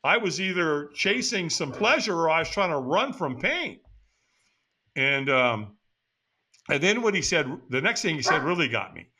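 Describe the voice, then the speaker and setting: A man's voice: a little high, moderate pace, breathy edge. An older man from the United States, a podcast guest, telling a personal story in conversation and acting out the dialogue as he goes. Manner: animated, acts out quoted dialogue in the story.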